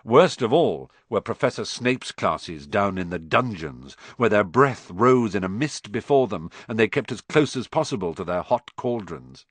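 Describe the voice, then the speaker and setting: A man narrating an audiobook with expressive storytelling. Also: lowish voice, moderate pace, few pauses, dry recording. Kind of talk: scripted narration.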